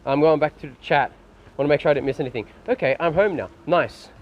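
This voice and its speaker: A man's voice: a little high, quick pace, dull audio. A man with an Australian accent, live-streaming from a phone as he walks outdoors, rambling casually and swearing freely as he talks to his chat. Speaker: IRL streamer. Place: outdoors on windy city streets. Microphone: phone held while walking. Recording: street noise and wind.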